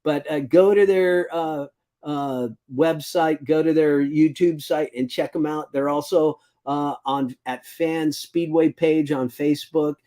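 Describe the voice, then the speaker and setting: A man's voice: a little high, steady tone, a little slow, mellow. A man hosting a casual speedway news rundown, rambling and stumbling over foreign names as he goes. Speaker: show host.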